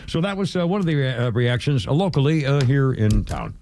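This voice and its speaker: A man's voice: medium pitch, lively intonation, a little fast, mellow, slight background noise. A man hosting a talk radio show, rambling with lots of fillers and restarts. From New England. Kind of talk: casual talk radio monologue. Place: radio studio. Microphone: studio microphone.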